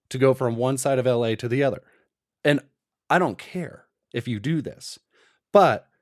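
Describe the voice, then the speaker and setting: A man's voice: on the high side, darkish tone, dry recording, studio quality. A young adult man giving an emphatic, rambling, opinionated commentary. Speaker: commentary vlogger.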